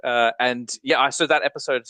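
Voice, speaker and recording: A man's voice: medium pitch, fairly even intonation, fairly quick, pushed and bright, no echo, poor audio. A man hosting a podcast, chatting in an upbeat, casual way with frequent ums and uhs. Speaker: podcast host.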